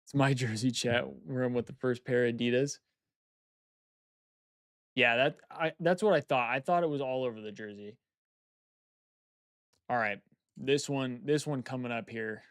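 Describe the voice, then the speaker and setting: A man's voice: mid-range voice, moderate pace, long pauses, clear, resonant tone, dry recording, clean studio sound. A young man chatting casually on a live stream, thinking aloud and repeating phrases as he weighs his choices.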